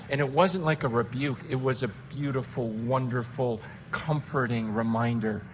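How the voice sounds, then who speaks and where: A middle-aged male pastor preaching a sermon, impassioned, dropping to a hush and rising to shouts. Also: medium pitch, fairly even intonation, normal speed, few pauses, slight background noise. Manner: impassioned, swinging from hushed to shouting.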